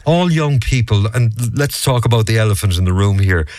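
An Irish man hosting a radio phone-in, brisk and quick to cut in and push back on callers. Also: fairly low pitch, animated, darkish tone, no room sound. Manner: brisk, cuts in and pushes back. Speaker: radio talk show host.

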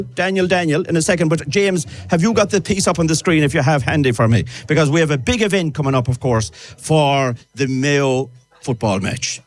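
Chatty Irish radio presenter man. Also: on the high side. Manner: chatty and enthusiastic. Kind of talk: live outside broadcast chat. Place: outdoors at a live outside broadcast.

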